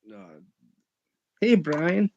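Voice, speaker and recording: A man's voice: high-pitched, sing-song, very slow, a little mellow, dull audio. A man with a Scottish accent chatting casually on a live stream, laid-back, laughing easily and hesitating with fillers.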